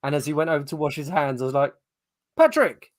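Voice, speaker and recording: A man's voice: fairly high pitch, little pitch movement, rapid-fire, no room sound. Man, English, podcast co-host, chatty storyteller, swears freely, dry room. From England. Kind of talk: casual chat. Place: podcast setup. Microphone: podcast mic.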